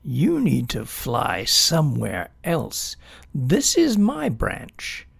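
A man's voice: mid-range voice, huge pitch swings, extremely slow, vocal fry, fairly bright tone, slightly rough, heavily acted. A man voicing a grumpy, territorial male tree frog in a storybook, grumbling and impatient.

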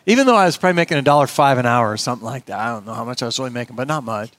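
Middle-aged male pastor, earnest sermon voice, slightly high, close and dry. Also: no echo. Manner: earnest, conversational preaching with quoted dialogue.

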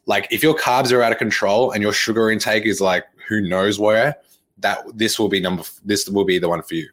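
A young man coaching fitness on a live-streamed podcast, with a lowish voice. He talks bluntly and swears, repeating his points and filling gaps with "like" and "okay". His delivery is casual and direct. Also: steady tone, a little fast, fairly bright tone. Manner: blunt, repetitive, swears, many fillers.

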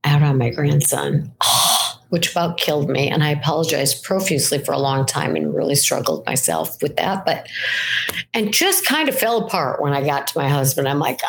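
An older woman speaking as a weight-loss coach in a solo mindset talk, conversational and animated, often checking in with the listener by asking "right?". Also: deep voice, moderate pace, a little hiss or hum.

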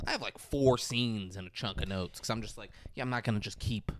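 A man's voice: fairly low pitch, brisk, a little hiss or hum. A man co-hosting a podcast, reviewing a movie in casual, jokey chat and swearing freely. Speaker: podcast co-host.

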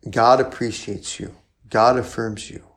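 A man's voice: medium pitch, fairly even intonation, unhurried, vocal fry. A male priest preaching in a conversational style, often asking rhetorical questions and adding "right?". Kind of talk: sermon.

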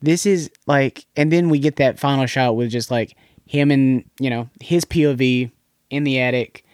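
Podcast co-host, male, mid-pitched, dry close sound, loose rambling recap delivery. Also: normal speed, a little mellow, no room sound. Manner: rambling, repeats words, recaps plot scenes. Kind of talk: casual movie recap chat.

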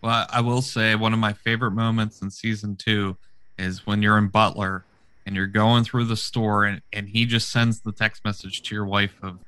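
A man with a lowish voice and a bright, forceful tone hosts a casual interview. He asks friendly, enthusiastic questions. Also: flat delivery, moderate pace, clear, resonant tone, dry recording. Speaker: interviewer, podcast host.

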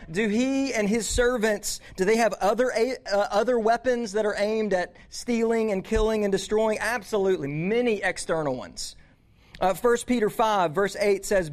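A man giving a youth sermon, casual and conversational, with frequent restarts and slang. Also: high voice. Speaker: youth pastor.

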